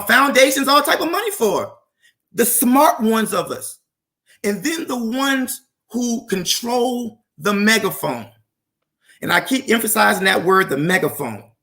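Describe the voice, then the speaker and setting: A man makes his case on an open panel, driving each point home with rhetorical questions. His voice sits high and bright, with a gravelly fry. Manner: impassioned, rhetorical, emphatic. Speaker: panel speaker. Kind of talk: political debate on an open panel.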